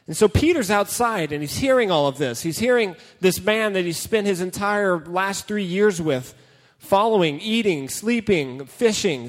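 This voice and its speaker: Youth preacher man, fairly high voice, playful and dramatic, reverberant hall sound. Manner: joking, dramatic storytelling, reads scripture aloud. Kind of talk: casual sermon with Bible reading.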